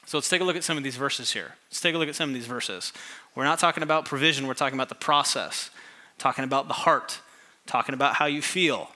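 A man preaching a sermon as pastor, asking the congregation questions and reading scripture slowly with emphasis. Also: mid-range voice, pushed and bright. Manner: call-and-response questions to congregation.

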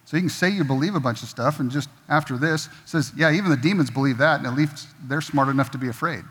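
A man's voice: medium pitch, quick pace, fairly bright tone, breathy edge. A middle-aged man preaching a sermon in a church, conversational and jokey, slipping into quoted voices. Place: church sanctuary. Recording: long reverb of a church hall.

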